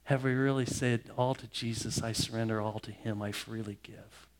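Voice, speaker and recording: A man in his fifties, a pastor, preaching a sermon in a personal, heartfelt way, telling family stories with pauses and restarts. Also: lowish voice, fairly even intonation.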